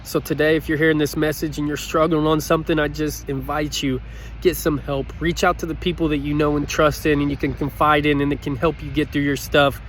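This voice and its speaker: A man's voice: fairly high pitch, little pitch movement, brisk, a little hiss or hum. A man giving a heartfelt motivational talk in an earnest, pleading way, choked up with emotion. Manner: earnest, pleading, repeats his points. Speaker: motivational speaker.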